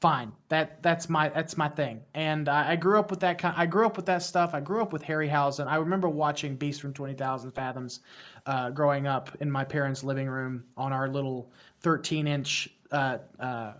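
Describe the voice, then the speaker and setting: A man in his thirties with a West Virginian accent, talking casually as a podcast guest. His voice sits a little higher than most men's, and he rambles, restarts his sentences and plays himself down. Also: fairly even intonation, moderate pace, fairly bright tone. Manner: rambling, self-deprecating, stumbles and restarts often. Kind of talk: casual interview chat.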